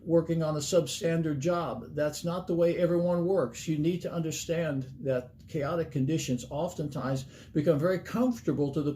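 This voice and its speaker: A man's voice: on the high side, warm tone, slight background noise. A middle-aged man preaching a sermon as a pastor, earnest and plain-spoken, laying out numbered points and folksy stories.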